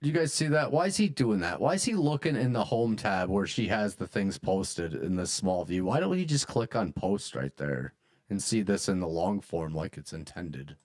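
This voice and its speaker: A man on a livestream thanking chatters and calmly giving advice about online behavior. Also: sits low, normal speed. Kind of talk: casual livestream commentary.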